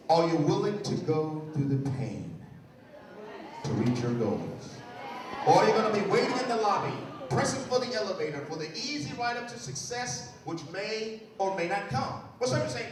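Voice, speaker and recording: Male motivational speaker, high-pitched, storytelling with dramatic pauses, distant mic in a very echoey hall. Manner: storytelling, dramatic pauses, lively acted quotes. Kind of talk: motivational speech to students. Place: large school hall or gym. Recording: very echoey hall, far-off mic, faint noise.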